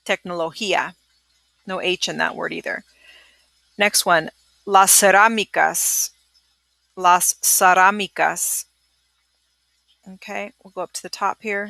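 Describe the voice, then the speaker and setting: A woman teaching a recorded vocabulary pronunciation lesson. She says each word slowly, then repeats it at natural speed, and asks listeners to say it back. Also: on the low side, fairly even intonation, gravelly, pushed and bright, dry recording. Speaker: Spanish teacher.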